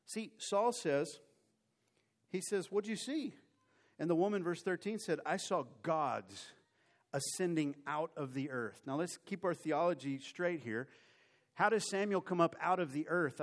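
A man preaching a sermon in church, folksy and conversational, often repeating words as he goes. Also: fairly high pitch. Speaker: pastor.

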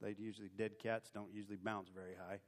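A preacher gives a testimony as sermon storytelling, recounting a personal story in an animated, lowish voice at a quick pace. He acts out the scenes and pokes fun at himself along the way.

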